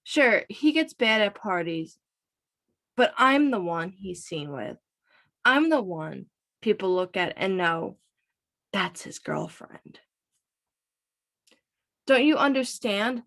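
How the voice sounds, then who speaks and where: Woman voicing a defensive teen girlfriend, pleading, read slowly aloud. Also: mid-range voice, very animated, a bit bright, heavily acted. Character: teenage girl, jealous and defensive girlfriend.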